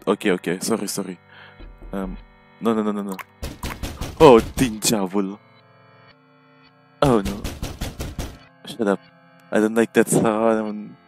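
A man's voice: lowish voice, fairly even intonation, slow pace, long pauses, darkish tone, faint music behind. A man giving casual, jumpy commentary while playing a game alone at home, recorded on a headset microphone. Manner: jumpy, nervous, frequent startled exclamations. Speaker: gameplay commentator.

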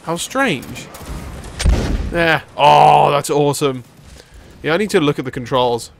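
A young man giving excitable, rambling let's-play commentary as he plays, swearing casually. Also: fairly high pitch, unhurried, vocal fry, a little hiss or hum. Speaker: gaming video host.

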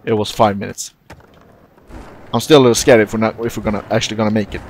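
A young man casually commentating his own gameplay, excitable and profane, often jumping into loud yelps. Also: lowish voice, fast talker, slight background noise. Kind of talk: let's-play commentary.

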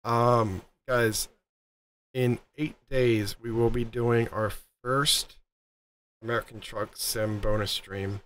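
A man's voice: medium pitch, steady tone, slow pace, fairly bright tone, slight background noise. A man streaming a game, chatting casually to his viewers in a rambling way full of ums and restarts.

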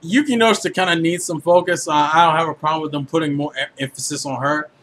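A man giving a casual, animated anime review, full of swearing and filler words. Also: a little high, fast, slight background noise. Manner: animated, profane, filler-heavy.

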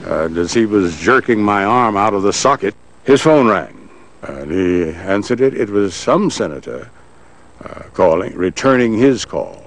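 A man with a low voice tells his story at an unhurried pace, his pitch swinging widely as he acts out the people he quotes. The telling is animated and deliberate. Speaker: interviewee recalling events. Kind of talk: archival interview storytelling.

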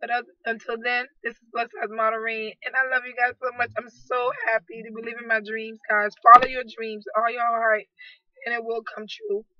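A woman with a hoarse, fading voice records a casual video diary as a vlogger, effusively addressing her viewers. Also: fairly high pitch, level tone, moderate pace, dry recording, dull audio. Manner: effusive, keeps calling out "guys". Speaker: vlogger, aspiring model. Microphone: laptop built-in mic.

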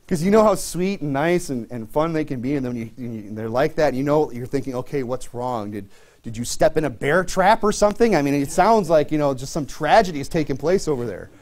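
A man's voice: medium pitch, darkish tone. A man in his thirties preaching a sermon in a casual, conversational way, full of fillers and restarts. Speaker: pastor.

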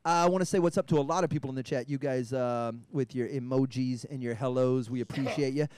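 A man's voice: medium pitch, fast, a little mellow, clear, resonant tone, no echo. A man hosting and teasing his co-hosts in casual chat. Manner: wry teasing interjections. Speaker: podcast host.

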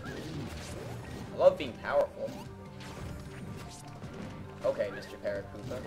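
A man's voice: medium pitch, expressive, slow pace. Wry young man playing a game. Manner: dry, wry remarks. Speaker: co-host of a let's play. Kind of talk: casual gameplay commentary. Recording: game music underneath.

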